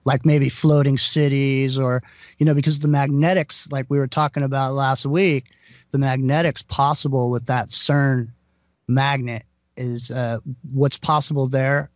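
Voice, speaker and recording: A man talking casually on a live show, speaking haltingly with many restarts. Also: medium pitch, flat delivery, no room sound, lo-fi sound.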